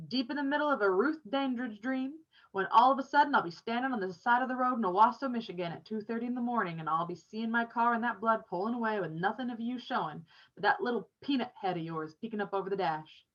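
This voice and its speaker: A woman's voice: on the high side, fast, fairly bright tone, voice pushed up, natural voice. A woman reading aloud, voicing a friendly, talkative older man who teases a boy. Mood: teasing. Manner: teasing, chatty. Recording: dull lo-fi recording.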